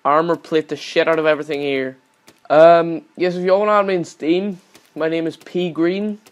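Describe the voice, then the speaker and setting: A young man giving casual gameplay commentary as a channel host. He swears constantly and yells at the game whenever it goes wrong. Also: a little high, fairly even intonation, moderate pace, dull audio.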